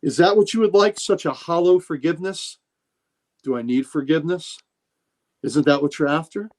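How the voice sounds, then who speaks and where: Gentle ex-priest mutant, a man putting him on, lifted voice, musing and questioning. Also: on the high side, moderate pace, voice pushed up, close to an everyday voice. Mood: earnest, searching. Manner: soft-spoken, questioning, philosophical.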